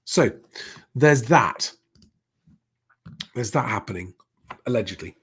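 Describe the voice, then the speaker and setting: Husky middle-aged man rambling. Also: medium pitch, lively intonation, takes it slowly, a bit bright. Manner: rambling with many fillers and restarts. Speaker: livestream host reading chat comments. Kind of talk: casual live-stream commentary.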